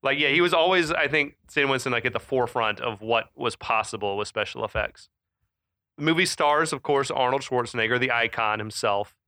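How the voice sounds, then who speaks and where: A man co-hosting a casual movie podcast, chatty and quick to laugh, with lots of fillers. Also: mid-range voice, bright, forceful tone, no room sound, studio quality. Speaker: podcast co-host. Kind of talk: casual chat about movies.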